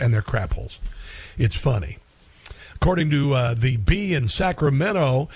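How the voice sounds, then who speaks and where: A man's voice: a little high, dry recording. A middle-aged man hosting a talk radio show in a rambling, sarcastic, folksy monologue.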